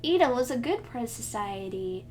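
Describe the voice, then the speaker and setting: A woman voicing a brainwashed young male villain who stammers rushed, guilty apologies. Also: fairly high pitch, big pitch swings, a little mellow, a little hiss or hum. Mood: remorseful.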